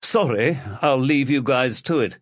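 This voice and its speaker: A man's voice: mid-range voice, unhurried, no room sound, pitched above the performer's own voice, close to an everyday voice. A man voicing an awkward, fidgety male friend who speaks hesitantly and apologetically, in a dull lo-fi recording.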